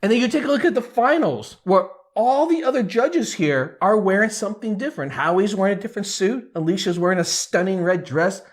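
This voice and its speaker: A man's voice: sits high, lively intonation, fairly quick, hardly any pauses. A man hosting a casual commentary, talking animatedly and asking many rhetorical questions. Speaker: YouTube commentator.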